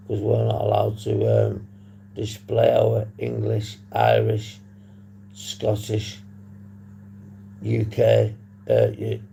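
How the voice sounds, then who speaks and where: A man from the UK hosting a casual recovery livestream, husky from a long phone call, rambling and swearing casually to his chat. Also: on the low side, slight background noise. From United Kingdom. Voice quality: gravelly, dark voice. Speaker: livestream host on addiction recovery. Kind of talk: casual live-stream chat to viewers.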